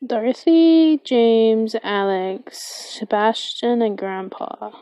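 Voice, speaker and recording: A young woman from Minnesota commenting on her gameplay in a soft-spoken manner, often dropping to a whisper and reading game text aloud. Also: fairly high pitch, lively intonation, takes it slowly, smooth, dry recording. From Minnesota, USA. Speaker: gamer.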